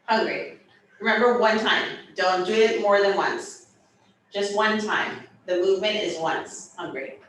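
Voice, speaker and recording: Her voice is mid-range as she leads a hybrid sign language lesson, walking through every sign at a slow pace and tossing in playful, animated remarks. Heard from afar, the audio has a roomy echo and a faint hum of the room.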